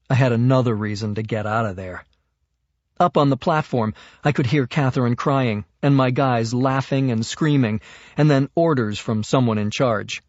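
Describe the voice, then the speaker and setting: A man's voice: medium pitch, a little mellow, no echo. A man narrating an audiobook in the first person, in a plain, matter-of-fact way. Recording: dull lo-fi dry recording.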